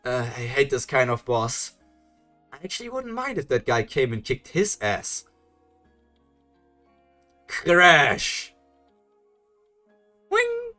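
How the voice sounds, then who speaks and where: A young man streaming a live webcomic read-along, reacting excitedly with laughs and rambling, stumbling asides. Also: medium pitch, normal speed, soft background music.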